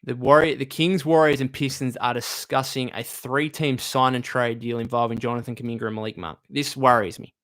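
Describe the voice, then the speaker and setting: Male streamer, medium pitch, casual fan chat, heart on sleeve, lots of self-corrections. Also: fairly even intonation, a little fast, few pauses, fairly bright tone. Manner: chatty, emotional, thinks aloud with restarts. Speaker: live stream host. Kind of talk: casual live-stream basketball talk, reading chat comments.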